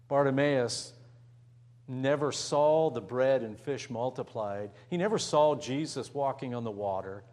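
A man's voice: mid-range voice, unhurried, darkish tone. A man preaching a sermon, retelling a story dramatically, acting out voices and dropping at times to a near whisper.

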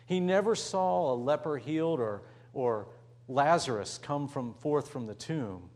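A man's voice: medium pitch, animated, a little slow, darkish tone. A man preaching a sermon, retelling a story dramatically, acting out voices and dropping at times to a near whisper.

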